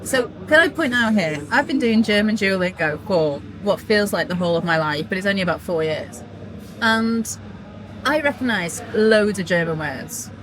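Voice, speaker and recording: A woman's voice: mid-range voice, expressive, moderate pace, fairly bright tone, a little hiss or hum, low-quality recording. A woman co-hosting a casual film podcast, chatty and opinionated, swearing casually and laughing often. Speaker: podcast co-host.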